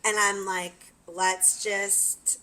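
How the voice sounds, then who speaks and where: A woman's voice: medium pitch, extremely slow, low-quality recording. A woman in her twenties, co-hosting a casual chat and telling a story with lots of swearing, acting out what she said back then. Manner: animated, swears freely, acts out her own past lines loudly. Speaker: podcast co-host.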